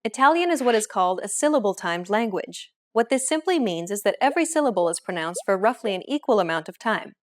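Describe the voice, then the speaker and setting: A woman hosting a language lesson, explaining with clear, friendly, scripted narration. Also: mid-range voice, expressive, fast talker, few pauses.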